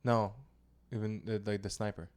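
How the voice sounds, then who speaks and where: Man, lowish voice, casual gaming podcast, laid-back, brief interjections. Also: steady tone, moderate pace, darkish tone.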